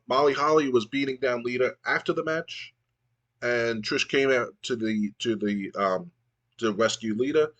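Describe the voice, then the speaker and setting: A man's voice: medium pitch, muffled recording. A man casually narrating a wrestling game playthrough. He rambles, with many fillers and restarts.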